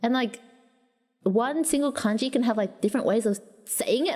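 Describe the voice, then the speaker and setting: A woman with an Australian accent chatting casually with her viewers on a livestream, rambling along with quick restarts and giggles. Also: on the high side, lively intonation, a little mellow, long reverb tail.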